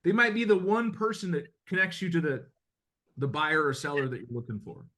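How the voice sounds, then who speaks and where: A man's voice: on the high side, brisk, a bit bright. A middle-aged man from the United States coaching real estate agents in a blunt, conversational way, with some mild swearing. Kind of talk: motivational talk to agents.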